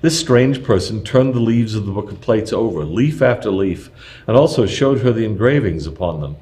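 Steady low-voiced man reading history. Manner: measured, steady reading with occasional slips. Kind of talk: reading a scripted historical text aloud.

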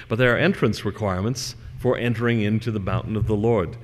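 A man's voice: on the low side, fast talker, few pauses. A man giving a conversational religious lecture, telling stories and wandering through asides with fillers. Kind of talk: lecture with storytelling. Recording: long hall reverb.

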